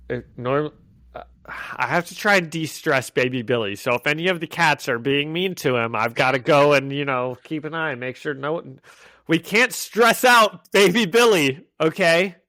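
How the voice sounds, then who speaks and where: In a dry recording, a medium-pitched man co-hosts a podcast at a moderate pace. He recaps comic issues in casual conversation, animatedly voicing the characters' lines.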